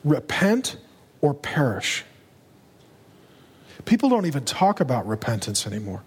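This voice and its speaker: Husky-voiced pastor guy preaching hard and urgent, church hall echo all around. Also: mid-range voice, big pitch swings, a little slow. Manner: urgent, emphatic, building to loud peaks. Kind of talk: sermon. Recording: long reverb of a large hall.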